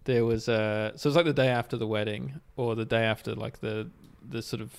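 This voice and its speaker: A man's voice: mid-range voice, steady tone, fairly quick, creaky, clear, resonant tone. A man, a podcast host telling a long story in a rambling, filler-heavy way. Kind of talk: casual storytelling.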